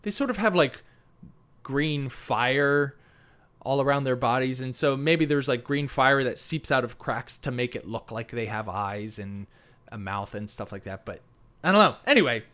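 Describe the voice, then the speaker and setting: A man's voice: medium pitch, lively intonation, normal speed, a bit bright. A man co-hosting a book podcast, talking animatedly with lots of fillers and laughter. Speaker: podcast co-host. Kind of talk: casual book discussion.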